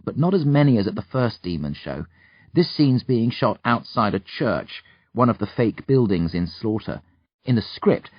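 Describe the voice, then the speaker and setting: A man narrating an audiobook in the first person, in a measured, steady storytelling manner. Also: lowish voice, dry recording, muffled recording.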